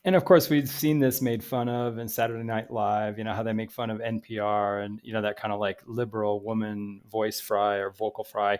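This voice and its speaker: A man giving a rambling commentary, halting and repetitive, full of restarts and fillers. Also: on the low side, little pitch movement, darkish tone, clear, resonant tone.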